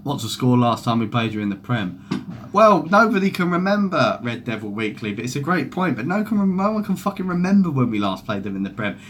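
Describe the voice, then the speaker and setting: A man's voice: medium pitch, big pitch swings, brisk, a little hiss or hum. A young man chatting loosely on a football fan stream, swearing a lot and reading out viewer comments. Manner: sweary, rambling, reads out chat comments. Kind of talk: casual live-stream chat.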